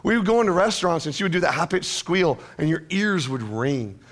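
A man's voice: fairly high pitch, expressive, a little fast, a bit bright. A male pastor preaching a sermon in a church, with a conversational manner and joking asides to the congregation.

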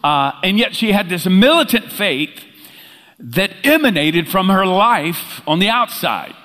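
A man preaching a sermon as pastor, animated and conversational in his delivery. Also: high-pitched, unhurried. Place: church sanctuary. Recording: reverberant church hall.

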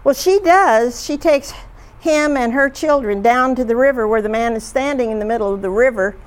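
A woman leading a group discussion, retelling stories in a chatty, halting way with frequent fillers. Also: on the high side. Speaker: discussion leader.

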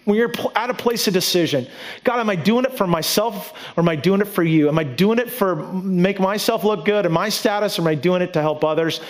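A man's voice: high voice, fairly quick. A man preaching a sermon in an earnest way, repeating key lines for emphasis. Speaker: pastor.

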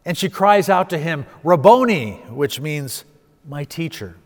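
Male pastor, storytelling sermon, slightly high voice, long hall reverb. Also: animated, unhurried. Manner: storytelling preacher, swelling with emphasis then dropping soft.

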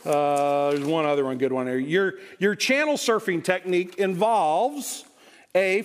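Man, pastor, sermon, fairly high voice, conversational, joking.

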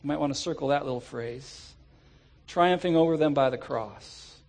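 A man preaching a sermon to his congregation, animated and rising at times to shouts. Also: fairly high pitch, moderate pace. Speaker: pastor. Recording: church sermon audio.

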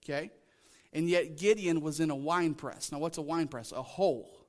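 A man's voice: on the high side, normal speed, a little mellow. A male pastor preaching a sermon, emphatic and repeating his key lines to the congregation.

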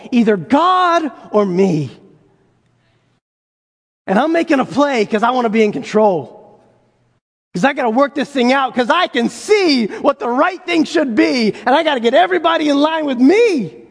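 A man preaches with a strikingly high voice, talking to his congregation casually and firing rhetorical questions at them. His voice rings out with the long reverb of a large hall. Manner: conversational, rhetorical questions, acts out quoted voices. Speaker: pastor. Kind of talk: sermon.

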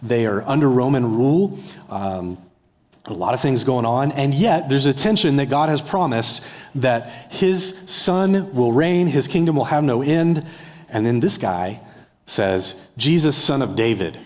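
A middle-aged pastor preaching a conversational sermon, asking his listeners rhetorical questions and acting out a beggar's yelling in places. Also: medium pitch, lively intonation, measured pace. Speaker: discipleship pastor. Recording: long hall reverb.

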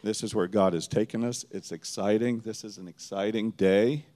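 Low mellow-voiced church elder guy, earnest, encouraging the crowd. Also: fairly even intonation, normal speed. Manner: earnest and encouraging, building in intensity. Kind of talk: brief address to a congregation. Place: church sanctuary.

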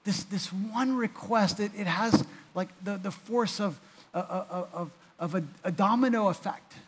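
A man preaching a sermon in an earnest way, often repeating words and restarting, and growing louder when he voices pleas. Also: moderate pace, husky. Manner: rises louder and higher when voicing the psalmist's pleas. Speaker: pastor.

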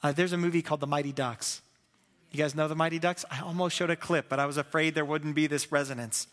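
A man's voice: a little high, quick pace, long reverb tail. A man preaching a sermon as pastor, telling stories with acted-out quotes and a self-deprecating humor. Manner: animated storytelling with acted-out quotes.

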